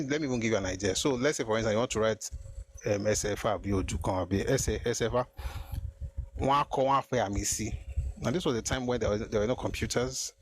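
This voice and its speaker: A man's voice: medium pitch, slight background noise. A man hosting a live stream, thinking aloud and restarting his sentences, slipping into Yoruba phrases. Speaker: host of a live history stream. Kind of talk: casual live-stream talk.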